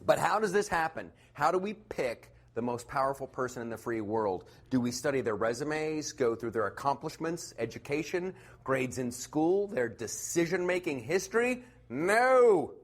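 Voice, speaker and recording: A man's voice: mid-range voice, animated, moderate pace, few pauses. A man from the United States delivering a sarcastic stand-up comedy monologue, laughing at his own jokes.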